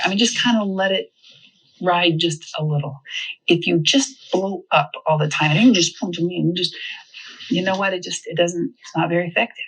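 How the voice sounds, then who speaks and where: Breathy woman giving a lively parenting talk. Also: fairly low pitch, brisk, low-quality recording. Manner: lively, humorous, acts out quotes. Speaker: parenting speaker.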